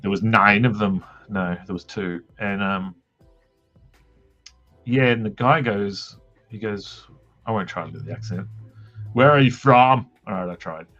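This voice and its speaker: This Australian comic artist rambles casually while drawing on his livestream, joking, wandering off on tangents and saying "um" a lot. He speaks in a lowish voice with a sharp tone, a bit slowly and with long pauses. Soft music sits in the background of the dull, lo-fi stream audio.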